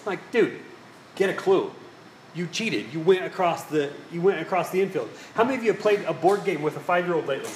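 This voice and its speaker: Male pastor, storytelling sermon voice, slightly raised pitch, roomy hall with faint background hum. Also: animated, brisk. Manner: storytelling, rhetorical questions to the congregation. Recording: echoey hall with faint ambience.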